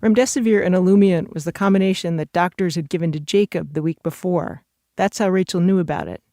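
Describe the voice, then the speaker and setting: A narrator reading scripted documentary narration in a measured, even way. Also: medium pitch, dry recording, studio quality.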